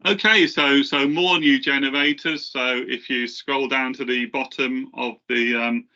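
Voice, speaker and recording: Bright-voiced man presenting a webinar. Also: medium pitch, fairly even intonation, lo-fi sound. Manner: halting, many fillers and restarts. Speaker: presenter from the software team.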